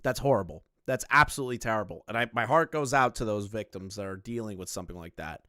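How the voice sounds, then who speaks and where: A man's voice: lowish voice, fast, sharp tone, no echo, studio quality. A man giving sarcastic, mocking reaction commentary, swearing freely as he reacts to a video. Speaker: reaction streamer.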